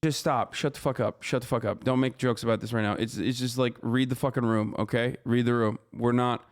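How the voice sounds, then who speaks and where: A man's voice: medium pitch, steady tone, brisk. A man livestreaming, reacting to a news story with heated, profanity-laden ranting and scolding his chat. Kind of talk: live stream reaction commentary.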